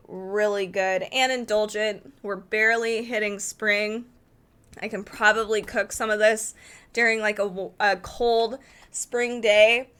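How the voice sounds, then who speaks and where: A woman with a slightly high voice talks through a cookbook as she flips its pages. She is eager and chatty, thinking aloud and catching her own slips. The tone is a casual home review. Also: fairly bright tone, clean tone. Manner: enthusiastic, thinking aloud, self-correcting. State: arm tired from holding a heavy book.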